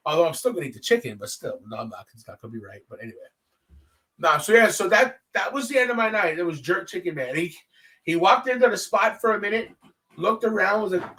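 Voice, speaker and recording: A man's voice: sits high, fast talker, distant mic. A man hosting his own podcast, telling stories in casual, profane talk and acting out the lines of people he met. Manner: animated, profane, acts out quoted dialogue. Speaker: podcast host. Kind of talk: casual solo storytelling.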